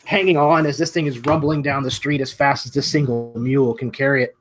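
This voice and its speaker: A man's voice: mid-range voice, steady tone, brisk, over music. A man running a tabletop game as dungeon master, narrating scenes in a loose, descriptive way with many fillers.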